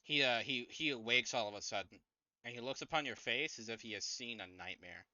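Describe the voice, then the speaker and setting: A man narrates a tabletop game as game master with a bright, tense voice, stopping often with fillers. The audio is dry and slightly dull. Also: mid-range voice, a little fast, no room sound. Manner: hesitant, filler-heavy narration.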